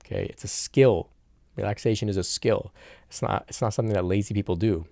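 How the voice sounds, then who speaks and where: A man giving a calm, reassuring spiritual talk, repeating "of course" and checking in with "okay?". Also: fairly low pitch, fairly quick, vocal fry, no room sound. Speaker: spiritual teacher. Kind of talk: solo spiritual talk to camera.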